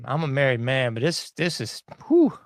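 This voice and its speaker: A man's voice: mid-range voice, very animated, moderate pace, no room sound. Guy podcaster, sarcastic, laughing, voice jumping all over the place, dry sound. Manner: sarcastic, laughing, drawling slang. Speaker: show host. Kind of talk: casual podcast commentary.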